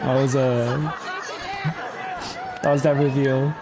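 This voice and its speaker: A man's voice: mid-range voice, little pitch movement, slow. A man, the host, commenting casually on event footage, chuckling often and rambling with restarts. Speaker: channel host. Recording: loud event crowd and noise behind.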